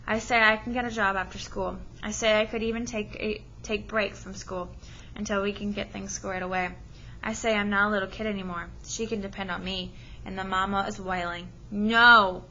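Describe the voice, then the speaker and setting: A woman's voice: medium pitch, creaky, sharp tone, muffled recording, slight background noise. A woman teacher reading a story aloud with expression and stopping to ask her listeners questions. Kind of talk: read-aloud lesson with comprehension questions.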